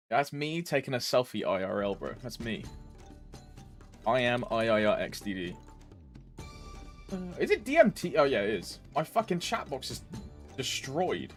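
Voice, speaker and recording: A man streaming a game live, chatting casually, joking, swearing and scat-humming to himself. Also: mid-range voice.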